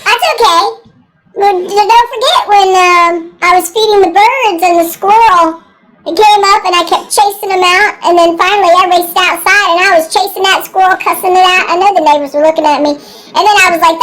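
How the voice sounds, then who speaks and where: A woman co-hosting a casual chat, teasing and animated. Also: extremely high pitch, brisk, background noise. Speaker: co-host.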